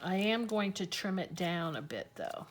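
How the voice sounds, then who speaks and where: A woman's voice: fairly low pitch, sing-song, moderate pace, noisy background. A woman hosting a casual crafting tutorial, chatting and thinking aloud as she talks through each step.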